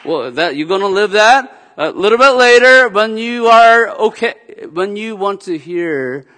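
A man's voice: high voice, expressive, unhurried, bright, forceful tone. A middle-aged man, a pastor, preaching a sermon in a conversational way with playful asides. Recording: long hall reverb.

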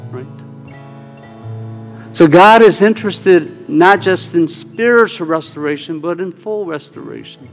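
A man preaching a sermon, telling a personal story with swings of pitch and volume. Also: unhurried. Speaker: pastor. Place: church sanctuary. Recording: hall reverb with soft guitar music.

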